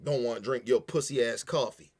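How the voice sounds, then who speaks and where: A man's voice: mid-range voice, fairly quick, slightly rough. A man hosting a podcast, ranting in heated, profane casual commentary. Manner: profane, animated, emphatic ranting. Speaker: podcast host.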